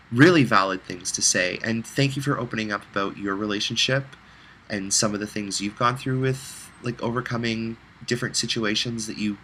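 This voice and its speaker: A man's voice: mid-range voice, pushed and bright, a little hiss or hum, low-quality recording. A man recording a heartfelt, rambling personal video message, close to tears at times.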